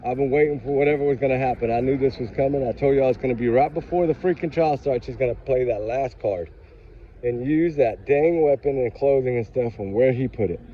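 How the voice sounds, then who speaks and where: A man's voice: medium pitch, a little fast. A man, talking in an upset, preachy way as he vlogs outdoors on his phone. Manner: upset, preachy, Southern-style y'all talk. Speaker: true crime vlogger. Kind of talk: emotional casual vlog talk. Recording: dull lo-fi phone audio with faint street noise.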